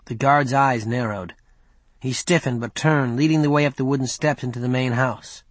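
A man narrates an audiobook from a script in a steady, even storytelling manner. His pitch is medium, his speed normal, and there's no room sound.

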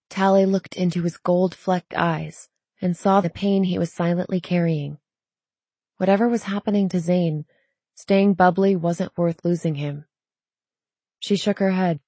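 A calm woman narrates a scripted audiobook in a mellow, lowish voice at a moderate pace. The recording is dry.

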